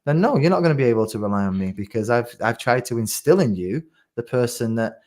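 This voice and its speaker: A middle-aged man talking as a guest on a casual podcast, reflective and halting, restarting his phrases. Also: mid-range voice, animated, darkish tone.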